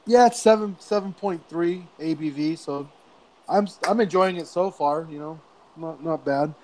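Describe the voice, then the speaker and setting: A man from Idaho, a guest on a casual beer chat show, talking in a relaxed, rambling way. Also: a little high, moderate pace.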